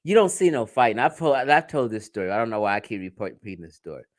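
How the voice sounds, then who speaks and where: A man's voice: mid-range voice, sing-song, fast, no echo, studio quality. A man from the United States hosting a livestream, talking casually and profanely to his viewers, telling stories and laughing often. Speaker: livestream host.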